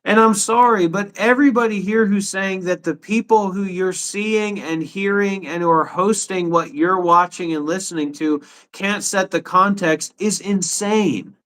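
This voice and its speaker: A man's voice: sits high, measured pace, few pauses, fairly bright tone. A man in his thirties hosting a live stream from his apartment, ranting and swearing indignantly in a heated argument.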